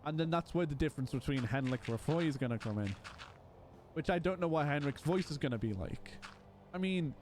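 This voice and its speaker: A man's voice: a little high, expressive, fairly quick, darkish tone, slight background noise. A man chatting casually while streaming a game, rambling with frequent restarts. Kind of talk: casual live-stream chat while playing.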